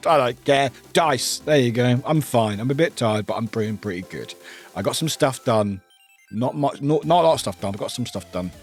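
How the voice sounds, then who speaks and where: A young British man streaming and chatting with his viewers, teasing them playfully and switching between loud outbursts and quiet mumbles. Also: medium pitch, animated, normal speed. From United Kingdom. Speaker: livestreamer. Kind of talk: casual chat with viewers. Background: faint music.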